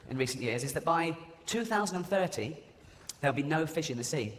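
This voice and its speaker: Animated stand-up comedian in an arena. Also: male voice, mid-range voice, quick pace, very noisy. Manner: mocking, swearing, mimics people. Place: large live venue before an audience. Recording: echoey arena with loud crowd ambience.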